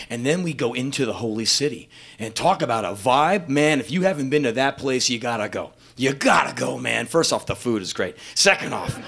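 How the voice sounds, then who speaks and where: A man in his fifties telling a profane, animated story as a spoken word performer, breaking into loud shouts. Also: mid-range voice, a little hiss or hum. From United States. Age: 50s.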